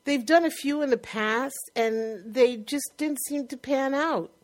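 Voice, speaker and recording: A woman with a New York accent co-hosting a casual chat about TV shows, chatty and quick to laugh. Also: high-pitched. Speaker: podcast co-host.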